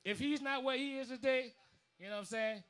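New drummer with a very high voice, swearing and rambling through a story on a bar stage mic. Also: male voice, brisk, fairly bright tone. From New Orleans. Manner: profane, rambling, lots of restarts. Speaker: drummer and bandleader. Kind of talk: onstage storytelling speech. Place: live music bar stage.

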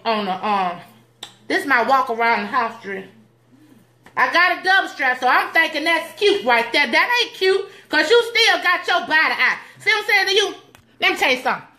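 A woman's voice: high-pitched, bright, forceful tone. A woman giving playful, sassy, preachy advice in a comedic skit, recorded indoors at home. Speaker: comedic church advice host.

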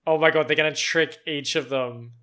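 A man's voice: fairly high pitch, fairly even intonation, moderate pace, sharp tone. A man with an Australian accent giving casual, laugh-filled movie reaction commentary, swearing freely.

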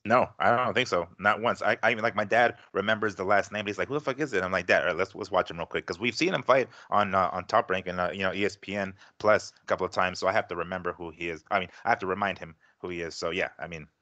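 A man co-hosting a casual sports radio chat, quick and deadpan. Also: low-pitched, dry recording, muffled recording. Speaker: co-host.

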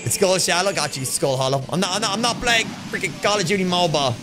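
A man from Ireland with a high voice talks at a quick pace over a noisy background while live-streaming a shooter game. Loud and joking, he swears freely, shouts at the game, and reads chat aloud.

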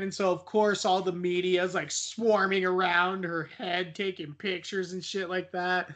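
A man's voice: sits high, steady tone, normal speed, few pauses, fairly bright tone. A young man on a casual podcast, retelling a horror film in a rambling, profane way and laughing often. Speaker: podcast co-host.

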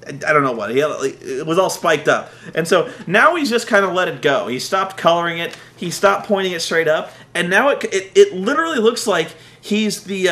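A man casually recapping a wrestling show, rambling and swearing, with quick mimicked asides. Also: fairly high pitch, a bit bright. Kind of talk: casual profane comedic recap.

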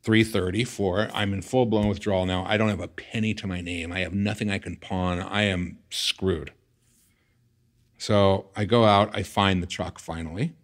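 At a moderate pace, an interview guest recounts a story, re-enacting earlier exchanges with animation. He's a middle-aged man from the San Fernando Valley in California, and excitement sends his voice jumping high.

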